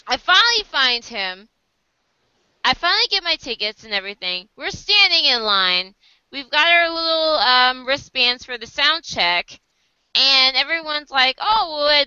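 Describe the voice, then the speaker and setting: A woman's voice: sits high, pushed and bright, smooth, dry recording, muffled recording. An American woman casually telling a story to camera, acting out other people's lines and laughing often. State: sleep deprived. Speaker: vlogger.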